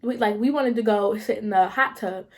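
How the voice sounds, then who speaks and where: A young woman vlogger telling a story in a casual, slangy, animated way, swearing freely. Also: mid-range voice, moderate pace.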